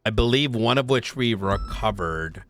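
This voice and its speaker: A man in character as a police officer in roleplay chat, measured and matter-of-fact. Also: lowish voice, lively intonation, fairly bright tone, soft background music.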